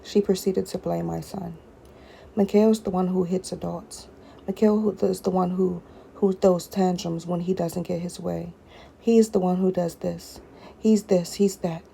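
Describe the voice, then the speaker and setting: A woman's voice: lowish voice, fairly even intonation, measured pace, gravelly, mellow, a little hiss or hum. A woman speaking straight to her viewers in a personal video blog, often addressing them directly and repeating short phrases.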